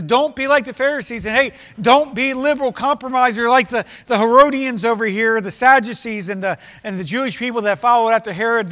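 A male pastor preaching with fervent emphasis, often slipping into quoted voices. His voice sits high and sounds bright and forceful. It carries through a church sanctuary with a long, ringing reverb. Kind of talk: sermon.

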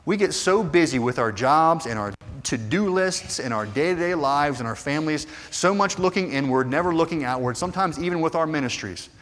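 A man preaching a sermon earnestly, moving from hushed passages to fervent, rising appeals. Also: fairly high pitch, animated, fairly quick, few pauses. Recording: long hall reverb.

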